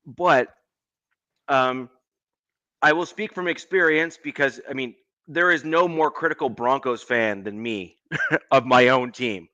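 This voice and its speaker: Canadian man, bright casual podcast voice. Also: mid-range voice, no echo, dull audio. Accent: Canadian, close to American. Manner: measured, hedging with many ums. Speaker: podcast co-host. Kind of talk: casual sports podcast chat.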